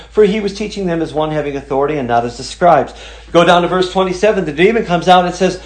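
A man preaching a sermon, reading scripture aloud and talking it through casually, moving from emphatic stress to quiet asides. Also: a little high, animated, brisk. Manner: conversational, emphatic, shifts between loud and hushed.

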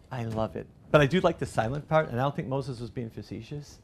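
A middle-aged man preaching a sermon as pastor, rising loud and animated through lists and quoted cries. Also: medium pitch, fast, vocal fry, a little hiss or hum.

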